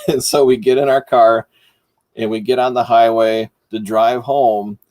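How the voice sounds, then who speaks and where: A middle-aged man from Michigan, hosting and casually telling a story, animated and laughing as he goes. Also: medium pitch, unhurried, no room sound. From Michigan, United States. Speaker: host.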